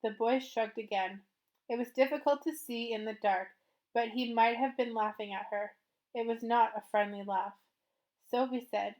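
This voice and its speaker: A woman's voice: a little high, normal speed, a little mellow. Woman reading a children's novel aloud. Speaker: storybook reader.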